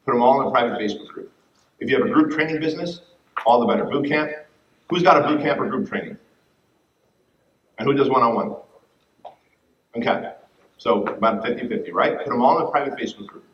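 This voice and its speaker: A man giving an energetic, profane business talk to a conference audience, acting out quoted voices. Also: mid-range voice, fast talker, pauses often. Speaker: fitness business speaker. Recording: distant, roomy, dull room mic.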